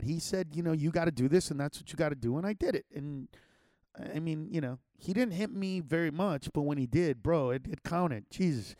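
A man's voice: fairly high pitch, brisk, dark tone, no room sound, studio quality. A man telling a childhood story in a loose, rambling way, with slang and many restarts. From Los Angeles area. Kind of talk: casual personal storytelling.

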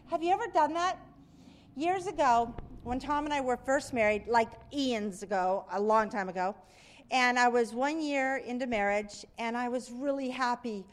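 A woman's voice: high-pitched, normal speed. A middle-aged woman preaching a conversational sermon, telling stories and acting out quotes. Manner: conversational preaching, lively storytelling with acted quotes.

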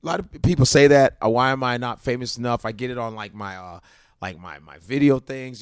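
A man's voice: medium pitch, a little fast, clean tone, no echo, studio quality. A male comedian telling stories in casual chat, acting out other people's voices and laughing often. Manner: animated storytelling, acts out voices, laughs often. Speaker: comedian guest.

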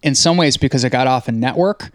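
A man's voice: mid-range voice, fast, dry recording, clean studio sound. A middle-aged man hosting a casual panel chat, chatty and leading the discussion. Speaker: host.

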